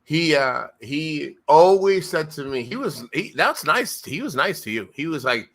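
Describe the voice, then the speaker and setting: On a live stream, a man with a bright, forceful, slightly high voice talks animatedly at a moderate pace. He rambles, restarts sentences, and retells conversations in an emotional, casual manner.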